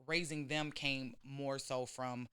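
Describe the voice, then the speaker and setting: A woman in her twenties telling her life story candidly as an interview guest, earnest and fast, full of "you know" fillers. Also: very deep voice, steady tone, fairly bright tone, clean tone. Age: 20s. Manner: earnest, talks fast in long run-on stretches with many "you know" fillers.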